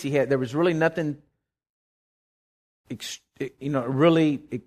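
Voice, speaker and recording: A middle-aged man, preaching a sermon in a folksy, animated way with lots of restarts. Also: mid-range voice. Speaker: pastor.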